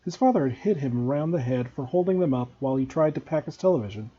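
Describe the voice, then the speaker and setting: A man, a teacher, reading a novel aloud to students in a steady, expressive way. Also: mid-range voice, fast, breathy edge, lo-fi sound.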